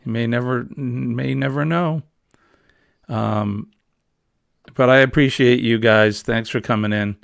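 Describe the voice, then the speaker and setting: A man's voice: medium pitch, fairly even intonation, takes it slowly, vocal fry, long pauses, dry recording, studio quality. A middle-aged man hosting a casual morning chat show, rambling and jokey. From New England. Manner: rambling, jokey, easily amused. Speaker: host.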